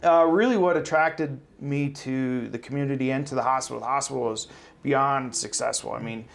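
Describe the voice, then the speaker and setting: Gravelly-voiced man in his forties, chatty. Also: medium pitch, steady tone, moderate pace. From South Dakota. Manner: upbeat, chatty, humble. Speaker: hospital CEO guest. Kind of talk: casual interview talk.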